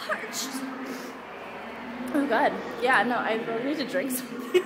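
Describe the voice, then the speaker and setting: A woman's voice: on the high side, fairly quick. A woman vlogging casually as she walks a downtown street, bubbly and playful, exclaiming often, recorded on a handheld camera. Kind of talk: casual vlog chat. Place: outdoors on a busy downtown street. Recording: noisy street with traffic.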